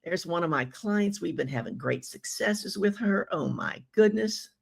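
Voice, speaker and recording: Husky, gravelly-voiced woman coaching host. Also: lowish voice, a little slow. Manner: animated, effusive, asks rhetorical questions. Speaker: business coach and show host. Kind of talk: live-stream talk, reading viewer comments aloud.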